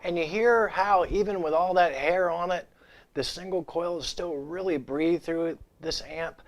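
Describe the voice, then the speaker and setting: A man's voice: sits high, moderate pace. Jokey guitar vlog host, man. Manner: jokey, irreverent, off-the-cuff banter. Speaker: guitar gear channel host. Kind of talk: casual vlog talk to camera. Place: home video set.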